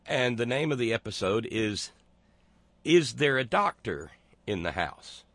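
A male talk host delivers sarcastic commentary at a slow, deliberate pace, often stopping on fillers and restarts. His voice sits at an ordinary middle pitch. The sound is dry and close, with no room around it. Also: very animated, fairly bright tone, no room sound. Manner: sarcastic, halting with many fillers. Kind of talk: casual commentary.

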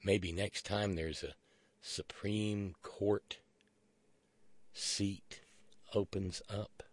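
Low-voiced sarcastic talk radio host. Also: male voice, fairly even intonation, very slow, no echo. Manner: sarcastic and profane, with many restarts. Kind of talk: political talk radio commentary.

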